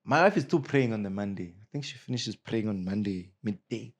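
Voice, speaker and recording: A man from Zimbabwe, an actor, telling stories from his career in a casual interview, lively and often laughing. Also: on the low side, fairly quick. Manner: animated, bursts into a put-on Nigerian accent and laughter. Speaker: actor guest.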